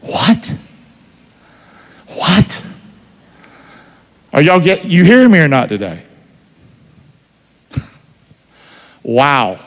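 A male pastor with a drawl, preaching in an animated, rising-and-falling voice that sits a little high for a man. He talks to the congregation conversationally and keeps firing questions at them. The sound carries a long church-hall reverb. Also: drawn-out words, long pauses. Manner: lively, conversational preaching with call-and-response questions. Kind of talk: sermon.

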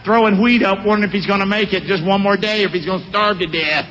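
A man's voice: sits high, fast. A male pastor preaching a sermon, calling out to his congregation. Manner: animated, calls out to congregation. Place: church hall. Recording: echoey hall.

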